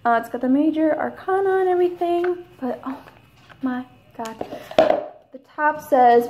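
A young woman with a high, bright-pitched voice talks through her haul at home. She takes her time, drawing out her words as she gushes and rambles with casual enthusiasm. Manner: gushing, rambling, drawn-out enthusiasm. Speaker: vlogger. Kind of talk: casual haul video chat.

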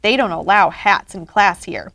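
A woman voicing a calm, principled schoolboy who speaks clearly and firmly, while reading a storybook aloud. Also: medium pitch, normal speed, heavy background noise, voice pushed down, close to an everyday voice. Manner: clear and firm.

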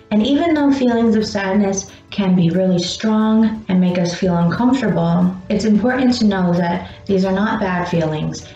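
A woman teaching young children about feelings, speaking slowly and encouragingly and pausing for their answers. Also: fairly low pitch, warm tone. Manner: slow, encouraging, pauses for answers. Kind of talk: gentle lesson for young children. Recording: dull roomy sound with faint music.

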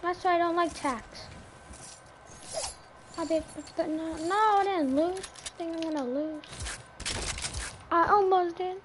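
High-voiced, slow-talking woman gamer. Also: background noise. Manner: casual, chatty, says dude a lot. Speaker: streamer. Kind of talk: casual gaming commentary.

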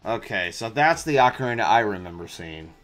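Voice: medium pitch, lively intonation, a little fast, a bit bright, faint music behind. A player making offhand comments during a casual let's play.

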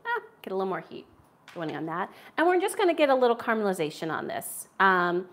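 A woman's voice: mid-range voice, sing-song, fast talker, a bit bright. A woman from the United States hosting a casual cooking livestream, chatting in a self-deprecating way as she cooks in her home kitchen.

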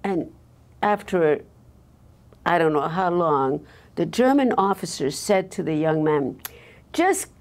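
An older woman from Belgium recalling her past in an oral history interview, halting with frequent restarts. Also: sits low, expressive.

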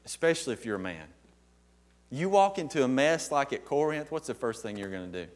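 A man's voice: mid-range voice, sing-song, fairly quick. A man preaching a sermon as pastor, emphatic and posing questions to the congregation.

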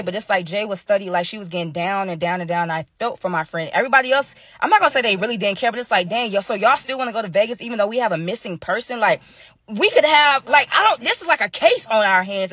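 A woman's voice: medium pitch, quick pace, dry recording. Young woman dramatically telling a story. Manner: animated, slangy, dramatic retelling. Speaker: storytime vlogger. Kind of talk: casual storytime.

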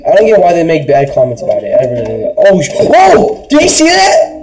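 A young man casually commenting on his gameplay, crude and excitable, swearing and shouting at failures. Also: a little high, a little fast, music in the background. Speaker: gaming channel host.

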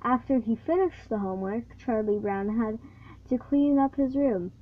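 A female reader reading a picture book aloud, halting and stumbling over words as she goes. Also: a little high. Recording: tinny phone-like recording.

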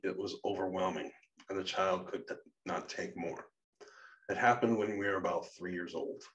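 Deep-voiced man reading a memoir. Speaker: narrator. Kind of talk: reading a personal memoir aloud. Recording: muffled, distant mic.

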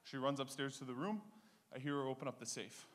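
A man, doing a stand-up comedy set with punchy, animated storytelling. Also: medium pitch, fast talker. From Canada (Ontario).

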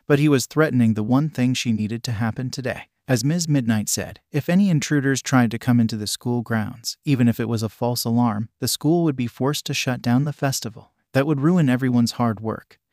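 A man's voice: mid-range voice, fairly quick, hardly any pauses, a little mellow, no echo, clean studio sound. Man reading a fan story aloud. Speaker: narrator.

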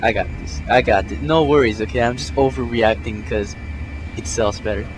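A young man doing let's play commentary, swearing a lot and swinging from low mutters to panicked yelps. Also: moderate pace, noisy background. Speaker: gameplay commentator. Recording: game music under the voice. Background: game music.

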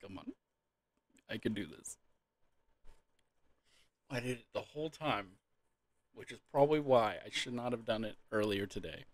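Speaking with a lowish voice at a moderate pace, this man pauses often in a dry recording. He's a gaming creator in a casual solo video, close-miked and dry-mouthed, repeatedly breaking down laughing.

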